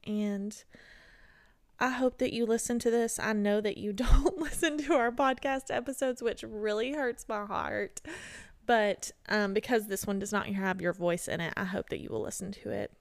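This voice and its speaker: A woman's voice: medium pitch, steady tone, normal speed, no echo. A young woman hosting a podcast, speaking in a heartfelt, rambling and self-deprecating way, her voice worn and tired. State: tired voice, barely able to talk. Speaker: podcast host. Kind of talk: emotional solo podcast talk.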